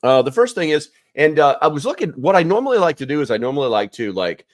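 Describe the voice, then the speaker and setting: A man's voice: fairly high pitch, very animated, quick pace, dry recording, studio quality. A man hosting a prepper channel, rambling through the news with sarcastic asides and lots of filler words. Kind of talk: casual news commentary.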